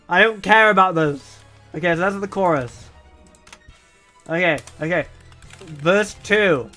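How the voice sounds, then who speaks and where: A man's voice: high voice, a little slow, pauses often, sharp tone, soft background music. A man streaming live, chatting playfully with his viewers and often breaking into laughter. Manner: playful, giggly, addresses chat. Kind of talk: casual live-stream chat.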